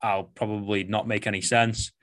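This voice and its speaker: A man from Manchester with a Mancunian accent and a low voice, a fitness coach talking bluntly in a casual podcast chat, swearing often. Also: little pitch movement, moderate pace, a bit bright. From Manchester, England. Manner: blunt, swears a lot, rambling with many fillers.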